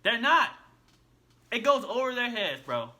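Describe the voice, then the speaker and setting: High, bright-voiced man reacting bluntly. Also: very animated, unhurried. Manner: blunt, repeats himself, slangy with "bro". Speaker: reaction video host. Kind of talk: casual reaction commentary.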